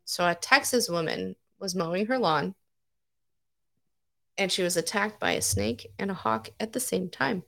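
A woman co-hosting a casual podcast, telling stories in an animated, heavily profane way and acting out the voices. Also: on the low side, moderate pace, creaky. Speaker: podcast co-host. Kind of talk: casual chat, animated storytelling.

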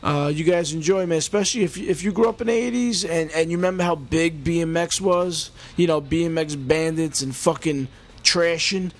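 A man in his forties rants through his own podcast, swearing freely and restarting his sentences as he gets worked up. His voice sits on the high side for a man. He talks close into a home mic. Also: normal speed. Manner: rambling, heated, heavy swearing and restarts. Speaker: podcast host. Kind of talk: casual profane monologue. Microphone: mic with homemade pop filter.

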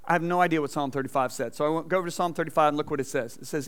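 A middle-aged man preaching a sermon in a church, telling a personal story with animated asides and questions to the congregation. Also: on the high side, rapid-fire, smooth. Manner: animated storytelling, acting out quotes, asking the audience questions. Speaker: pastor. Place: church sanctuary.

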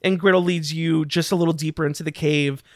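A man's voice: fairly high pitch, steady tone, brisk, no echo. Man as game master, easygoing narration with fillers, dry mic. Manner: loose, laughing, with fillers.

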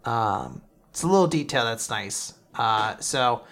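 A podcast co-host in casual chat, retelling a manga chapter in an animated way, full of fillers and the odd swear. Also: medium pitch, measured pace, vocal fry.

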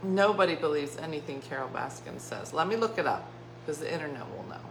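A woman's voice: low voice, lively intonation, a little fast. A woman in her fifties chatting casually and jokingly to her viewers at home, often laughing. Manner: chatty and jokey, with frequent laughs. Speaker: vlogger. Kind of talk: casual morning chat to viewers. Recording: echoey room with clear background noise.

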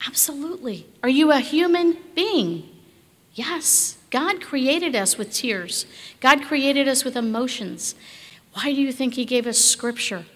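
A woman preaching a sermon with emphatic rhetorical questions, at times dropping to a hush. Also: high voice, animated, unhurried, in a large hall.

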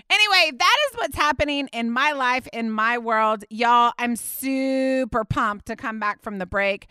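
A woman, hosting a podcast and telling a story in a chatty, animated way with frequent laughs. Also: lowish voice, smooth, no echo, studio quality. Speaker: podcast host. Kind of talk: casual storytelling monologue. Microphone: studio mic.

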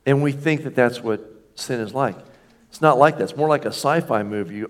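A middle-aged man preaching a sermon as a pastor, animated and conversational, acting out little scenes with jokey asides. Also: medium pitch, moderate pace.

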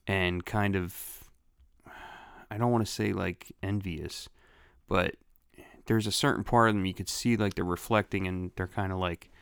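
Man, casual chat, easygoing and reflective, smooth resonant voice, dry sound. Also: low voice, fairly even intonation, measured pace, fairly bright tone, no room sound. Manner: easygoing, reflective, many fillers.

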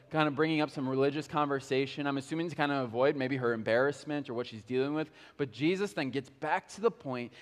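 A man's voice: mid-range voice, big-room sound. A man preaching a sermon as pastor, talking casually and conversationally with lots of "like" and "kinda".

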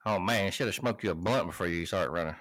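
A man's voice: low voice, fast, fairly bright tone. A man co-hosting a podcast in casual chat, laid-back and crude, cracking jokes. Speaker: podcast co-host.

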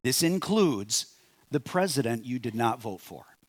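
A pastor preaching a sermon in a measured way, rising on key phrases and dropping soft at line ends. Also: male voice, medium pitch, big pitch swings, dry recording.

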